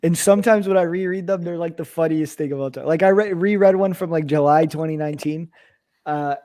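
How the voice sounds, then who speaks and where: A young man from Pennsylvania, a streamer, telling a story in casual chat with lots of swearing and animated energy. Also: a little high, fairly quick.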